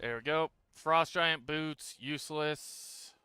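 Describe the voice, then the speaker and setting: A man's voice: a little high, takes it slowly, clear, resonant tone, dry recording, faint music behind. Tired man casually narrating his gameplay. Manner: relaxed, talks through his moves while playing. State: tired, yawning. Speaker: streamer.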